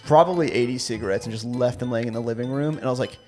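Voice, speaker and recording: A man's voice: medium pitch, racing, faint music behind. A man with a Baltimore accent, co-hosting a podcast in a laid-back, casual way full of fillers. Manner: laid-back, many fillers, drops to quiet asides. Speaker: real estate agent and podcast co-host.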